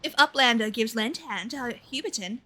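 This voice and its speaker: A woman's voice: on the high side, normal speed, bright, forceful tone. A woman voicing a small male goblin scholar who speaks in broken, odd grammar. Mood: earnest.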